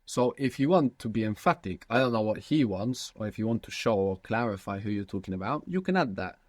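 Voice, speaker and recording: Male teacher, low-pitched, patient questioning, dry close sound. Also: lively intonation, fairly quick, a little mellow, no room sound. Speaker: language teacher. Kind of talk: guided language lesson.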